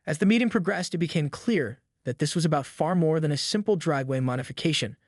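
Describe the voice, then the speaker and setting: A man's voice: a little high, lively intonation, quick pace, no room sound. Man narrating a story in a dry, close voice.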